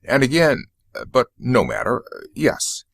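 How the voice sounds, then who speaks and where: A man reading the lines of a shaken, bewildered male police sergeant in an audiobook, speaking in a halting way. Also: mid-range voice, wildly swooping pitch, creaky, a bit bright, pitched above the performer's own voice, full character voice.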